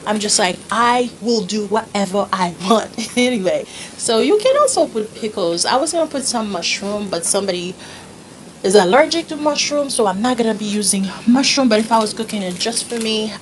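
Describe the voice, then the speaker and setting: A woman's voice: medium pitch, expressive, normal speed, slight background noise, low-quality recording. A woman chatting casually to her viewers while she cooks at home, laughing at herself as she goes. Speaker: home cooking vlogger. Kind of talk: casual cooking demonstration. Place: home kitchen.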